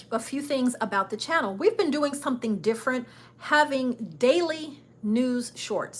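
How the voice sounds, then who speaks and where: A woman's voice: medium pitch, fairly bright tone. A middle-aged woman chatting casually on a travel livestream, a little nervous and self-deprecating. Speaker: travel vlogger and travel agent.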